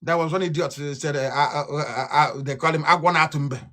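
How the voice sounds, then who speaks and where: Fiery Nigerian man with a bright voice. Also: fairly even intonation, a little fast. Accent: Nigerian English. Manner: fiery and scornful, swings from shouts to low mutters. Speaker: radio broadcaster. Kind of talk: impassioned political radio address.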